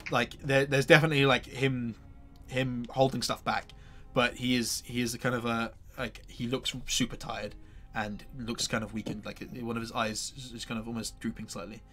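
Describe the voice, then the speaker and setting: A man's voice: mid-range voice, flat delivery, moderate pace, a bit bright, faint music behind. A man narrating as game master for a tabletop game, hesitant and full of fillers.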